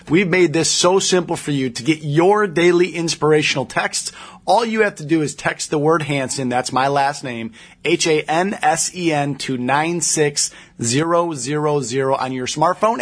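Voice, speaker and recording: A man's voice: fairly high pitch, animated, normal speed. A man hosting a podcast, upbeat and enthusiastic, who also reads the sponsor spot. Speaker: podcast host.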